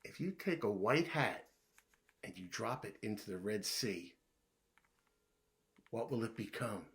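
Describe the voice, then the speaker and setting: Unhurried, bright-toned man reading riddles to children; playful, answers his own questions, hushes when he plays the guesser. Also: fairly low pitch, animated. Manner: playful, asks riddles then answers them himself; drops to a hushed voice when playing the puzzled guesser. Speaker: children's book reader.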